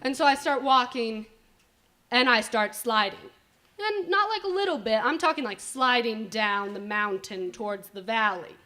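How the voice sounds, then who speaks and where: A woman's voice: on the high side, lively intonation, moderate pace, pushed and bright. A young woman telling a personal story live at a story slam, chatty and full of fillers like "like", on a stage mic. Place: indoor winery event space.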